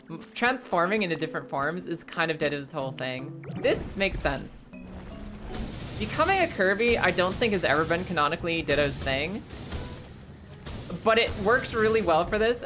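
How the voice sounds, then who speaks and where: A young woman chatting casually on a live stream, playful, swearing freely and tripping over tongue twisters. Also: sits low. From United States. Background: music.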